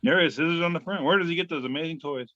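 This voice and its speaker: A man's voice: a little high, no room sound, highs cut off. Wry man hosting a comedy podcast. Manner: wry, deadpan delivery with filler pauses. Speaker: podcast host reading memes. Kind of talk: casual comedic chat.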